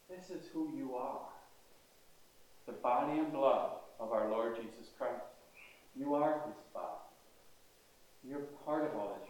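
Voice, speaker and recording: A man's voice: medium pitch, lo-fi sound. An older man, a priest, preaching a sermon in a conversational way and asking his congregation questions. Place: large church. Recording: echoey church heard from a distance.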